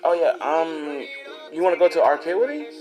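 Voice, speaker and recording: A man's voice: a little high, sing-song, a little fast, voice pushed up, rough recording. A man voicing an eager, friendly teenage boy in a spoken fan story, talking casually, with music behind.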